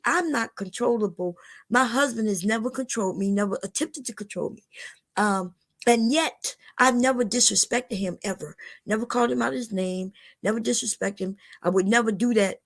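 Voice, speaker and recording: An older woman chats on her livestream in a blunt, preachy way, addressing her viewers directly. Her voice sits a little high and has a gravelly, fry-laden edge. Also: fairly bright tone. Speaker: livestream host. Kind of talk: casual livestream chat.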